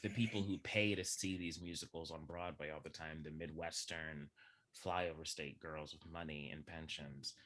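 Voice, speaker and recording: A man chatting as a podcast guest, animated and laughing often, swinging from loud bursts to low murmurs. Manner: laughs often mid-sentence. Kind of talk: casual chat.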